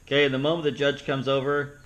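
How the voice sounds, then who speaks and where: A man's voice: mid-range voice, little pitch movement, fast, a bit bright, poor audio. A man teaching a dog training seminar, plain-spoken, who acts out the dog's thoughts in playful asides. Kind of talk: seminar teaching with live demonstration.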